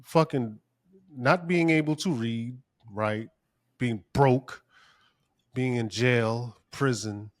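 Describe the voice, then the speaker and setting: A man's voice: medium pitch, takes it slowly, pauses often. A man co-hosting a podcast, talking casually and ranting profanely, his voice climbing when he gets worked up. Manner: profane, heated rant. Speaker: podcast co-host.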